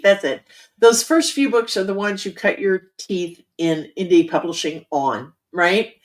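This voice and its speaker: A woman's voice: medium pitch, unhurried. A middle-aged woman author chatting candidly and casually with her audience about writing, with frequent ums. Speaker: author hosting a writing livestream. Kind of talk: casual chat.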